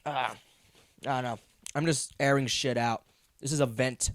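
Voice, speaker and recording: A man's voice: medium pitch, fairly even intonation, normal speed, fairly bright tone, slight background noise. A young man hosting a comedy podcast, ranting in a meandering, profane, self-deprecating way. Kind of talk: rambling comedic monologue.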